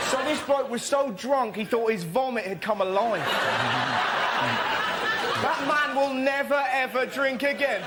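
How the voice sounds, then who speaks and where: A man telling a stand-up anecdote, fast and animated. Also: very high voice, a loud crowd. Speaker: comedian. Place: TV studio stage. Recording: studio with loud audience noise.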